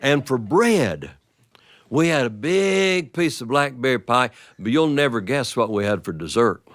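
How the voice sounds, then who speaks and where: A man telling a personal story to an audience, expressive with drawn-out pauses and lively vocal play. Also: medium pitch, no echo.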